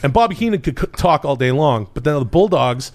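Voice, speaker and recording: A man's voice: on the high side, fairly quick. A man telling a story on a comedy podcast in casual chat, swearing freely and acting out the people he quotes. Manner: profane, animated, acts out quoted voices.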